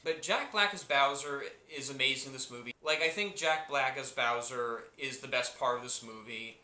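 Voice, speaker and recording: A man's voice: medium pitch, moderate pace, pushed and bright, roomy sound. A man giving a casual spoken movie review, rambling and repeating himself with many restarts.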